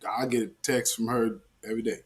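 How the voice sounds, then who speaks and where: A man's voice: medium pitch, fairly even intonation, a little fast. A man hosting a casual call-in livestream who laughs easily and talks in a playful, chatty way. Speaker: host.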